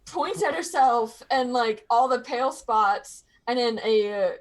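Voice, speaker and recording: A woman's voice: a little high, measured pace. Laughing woman playing a tabletop game. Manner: laughing, animated and profane. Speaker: player.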